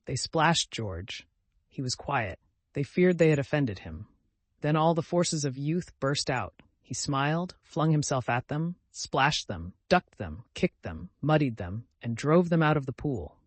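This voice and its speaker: A man narrating a classic novel as an audiobook, reading in an expressive storytelling manner. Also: fairly high pitch, slightly rough, no room sound. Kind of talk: scripted narration.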